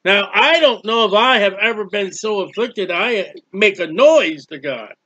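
A man's voice: sits high, expressive, unhurried, bright, forceful tone, highs cut off. A man giving a conversational Bible teaching, emphatic and acting out quoted prayers and speeches.

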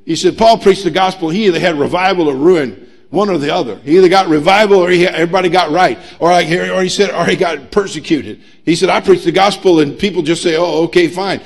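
A middle-aged man preaching a sermon as pastor, emphatic and humorous, swinging between loud pushes and quiet asides. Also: sits high, quick pace. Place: church sanctuary.

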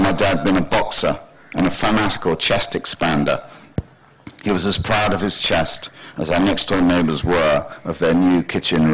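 A man's voice: sits low, fairly bright tone, poor audio. A man giving a dry, wry literary reading of his own fiction on a festival stage. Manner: dry, wry storytelling with voiced characters. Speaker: author reading his novel. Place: festival stage before an audience.

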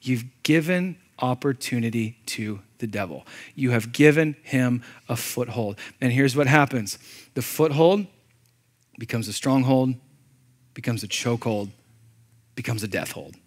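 A male pastor preaching a sermon in a conversational, animated way, swinging from loud emphasis to low, intense delivery and asking the congregation questions. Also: unhurried.

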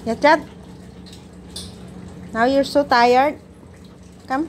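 A woman talks slowly to her dogs in a high voice, chiding them as naughty and laughing along. Her phone recording carries a lot of background noise, with dogs barking and playing nearby. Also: lively intonation. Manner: scolding dogs playfully, laughing often. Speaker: dog owner filming her pets. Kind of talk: casual home video chat to dogs. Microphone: phone camera.

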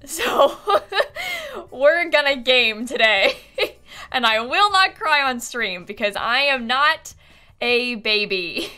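A young woman streaming from her room, talking in a loose, rambling way. Her voice sits a little high and sounds bright and forward. She giggles often and keeps apologizing as she chats. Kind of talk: casual live-stream chat.

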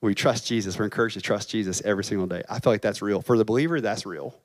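Emotional pastor preaching. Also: male voice, on the low side, racing, no room sound. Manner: emotional storytelling, voice rising and breaking. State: crying. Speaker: campus pastor. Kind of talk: chapel sermon.

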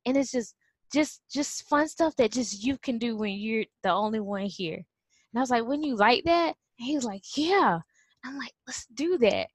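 A woman's voice: on the high side, lively intonation, moderate pace, no echo. A woman telling a story casually to camera, acting out quotes and laughing often. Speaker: vlogger and former preschool teacher.

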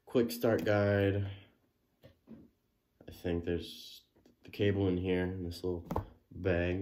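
A man's voice: low voice, warm tone, slight background noise. A man casually unboxing and trying on a gaming headset, thinking aloud with many fillers and restarts. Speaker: unboxing vlogger.

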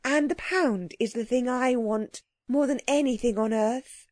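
A woman's voice: a little high, a little slow, a little mellow, no room sound, pitched above the performer's own voice. A woman doing an eager young storybook girl. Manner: eager, pleading, practical. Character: earnest, resourceful young girl.

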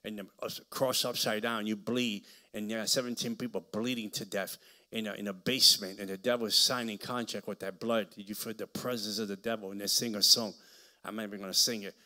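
A man preaching as a guest speaker, telling stories with dramatic swings from quiet murmurs to shouting. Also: lowish voice, fairly even intonation, fairly quick. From Hispanic American. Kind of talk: preaching with storytelling. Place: church hall.

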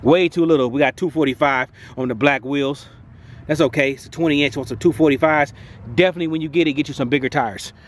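A fast-talking car vlogger with a slightly high voice gets hyped during a walkaround video outside at a dealership. He leans on slang, rhymes, and catchphrases he keeps repeating.

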